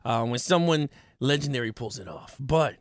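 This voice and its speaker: A man's voice: medium pitch, lively intonation, moderate pace, no room sound, studio quality. A man co-hosting a casual movie review chat, eager and often stammering over his words. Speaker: podcast co-host.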